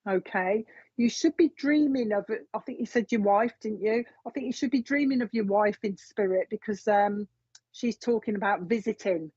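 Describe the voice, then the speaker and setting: A woman medium giving a live reading in a slightly husky, breathy voice, recorded dry with no room sound. She passes on messages and repeats quoted lines with many hesitant pauses. The recording sounds dull and lo-fi. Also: mid-range voice, a little mellow, dry recording. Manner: relays spirit messages, repeating quoted phrases with frequent pauses. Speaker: psychic medium.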